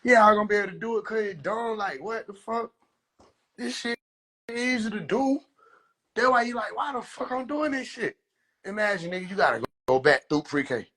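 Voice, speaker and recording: Husky young man telling animated stories. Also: sits high, brisk. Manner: animated, acts out quoted voices, slangy, profane. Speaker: livestreamer. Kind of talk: casual storytelling on a live stream. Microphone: phone mic.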